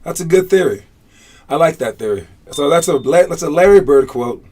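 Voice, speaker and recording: A man's voice: fairly high pitch, animated, moderate pace, darkish tone. A man coaching basketball in a casual online class, loose and chatty with many fillers, upbeat and encouraging.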